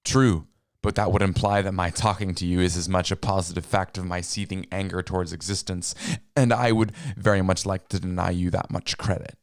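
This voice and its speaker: Man playing a bitter scornful young man, seething, lecturing, gravelly, smooth. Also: sits low, fairly even intonation, brisk, no echo, studio quality.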